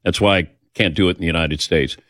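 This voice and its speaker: In this casual storytelling chat, the show's host, an older man, talks quickly in a low, slightly bright voice. He pokes fun at himself while recounting personal stories and acts out the voices he quotes. The sound is studio quality, with no room sound.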